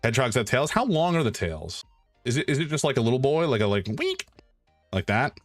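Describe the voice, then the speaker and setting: A man chats casually on a live stream, rambling and poking fun at himself, then bursting into loud exclamations. His pitch swings widely, high and low. The voice sounds dry and close, with faint music playing behind him. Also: brisk, dry recording. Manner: excitable, rambling and self-mocking, with sudden loud exclamations. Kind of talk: casual live-stream chat while drawing.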